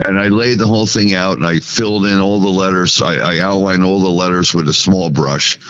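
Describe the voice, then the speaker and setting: Brisk and steady, with a deep, slightly bright voice, a New Jersey man who paints signs reminisces about first appearing as a podcast guest. He performs the dialogue as he tells the story casually, and the recording sounds muffled.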